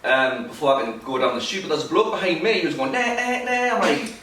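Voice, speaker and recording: A man telling sweary, animated stories as a podcast co-host. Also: medium pitch, fast talker. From England. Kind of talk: casual storytelling chat. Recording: echoey room, mic at a distance.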